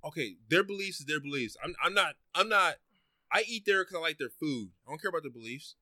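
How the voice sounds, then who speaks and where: A man's voice: a little high, expressive, fast talker, sharp tone, dry recording, clean studio sound. A man co-hosting a podcast, chatting casually, teasing his friends and stammering when he gets worked up. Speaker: podcast co-host. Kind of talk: casual chat.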